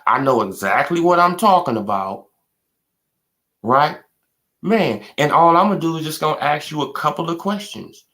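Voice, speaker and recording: A young man ranting in a casual live stream, trash-talking with lots of repetition and bursts of loud laughter. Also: fairly high pitch, expressive, moderate pace. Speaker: boxing commentary streamer.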